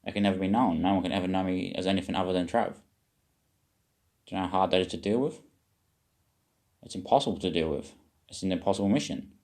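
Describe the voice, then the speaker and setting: A man's voice: low-pitched, fast talker, long pauses, darkish tone. A man giving a rambling, self-questioning spiritual monologue to his viewers, swearing now and then. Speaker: vlogger.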